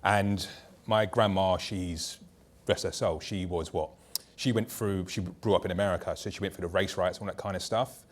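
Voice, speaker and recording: A man's voice: deep voice, steady tone, moderate pace. A man who founded a startup, speaking bluntly and telling stories from his own work on a conference panel. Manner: blunt, anecdotal, talks in long loose runs. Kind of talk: candid panel discussion.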